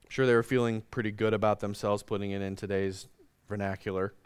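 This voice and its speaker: Smooth-voiced male preacher, dry sound. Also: on the low side, level tone, dry recording. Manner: earnest preaching, slows and drops soft in prayer; reads scripture aloud in old-fashioned wording. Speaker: pastor. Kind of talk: sermon with scripture reading and prayer.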